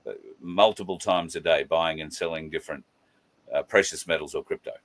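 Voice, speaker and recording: A man hosting a casual live stream, chatting and greeting viewers by name, with many drawn-out fillers. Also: a bass voice, fairly bright tone. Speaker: livestream host.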